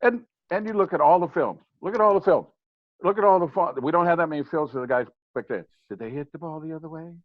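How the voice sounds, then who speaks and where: A man's voice: fairly high pitch, fast talker, dry recording. An older man, a guest on a podcast, explaining baseball hitting in an emphatic, matter-of-fact way. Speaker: guest, former ballplayer and hitting coach. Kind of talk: casual podcast conversation. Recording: slightly dull, lo-fi sound.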